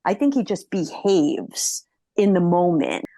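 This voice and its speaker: A woman co-hosting a film podcast in casual conversation, animatedly acting out characters' thoughts in quick asides. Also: lowish voice, big pitch swings, creaky, mellow, dry recording, studio quality. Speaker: podcast co-host.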